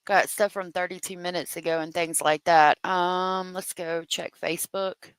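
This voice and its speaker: A woman's voice: on the low side, flat delivery, moderate pace, clean tone, no room sound, poor audio. A woman hosting a true crime livestream, chatting casually, reading viewer comments aloud and laughing often.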